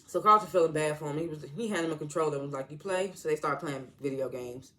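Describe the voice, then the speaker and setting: Rambling man recapping an episode, higher voice. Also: fast, pushed and bright. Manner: rambling, heavy use of "like", restarts; slangy, informal grammar. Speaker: TV episode reviewer.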